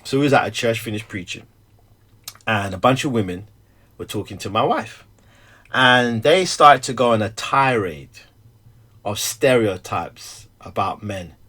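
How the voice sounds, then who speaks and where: Animated man telling stories with a laugh. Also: lowish voice, a little slow, long pauses, slightly rough. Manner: animated storyteller, acts out quotes, laughs often. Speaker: stay-at-home dad and preacher. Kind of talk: candid conversation.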